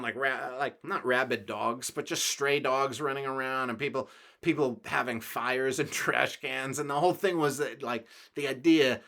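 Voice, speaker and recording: An American man hosts his own podcast, rambling loosely through a travel story, swearing now and then and laughing along. His voice is medium-pitched with a sharp tone.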